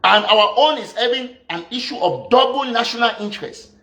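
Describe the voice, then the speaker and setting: A man's voice: very high voice, a little fast, bright, forceful tone. A man from Southern Cameroon, ranting as a political activist. He scolds his opponents and fires off one rhetorical question after another. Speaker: activist commentator. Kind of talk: political rant.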